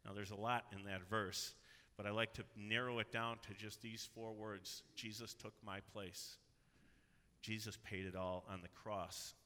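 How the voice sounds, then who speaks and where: A man preaching a sermon with a very bright, forceful tone. He is earnest and builds to loud, emphatic cries. His voice rings with long reverb in a church sanctuary. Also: on the low side, level tone, unhurried. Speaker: pastor.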